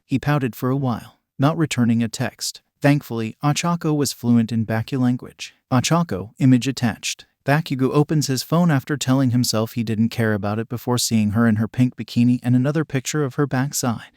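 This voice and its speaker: A man narrating a fan fiction story in a steady, even reading. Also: mid-range voice, a little fast, hardly any pauses, no room sound, studio quality.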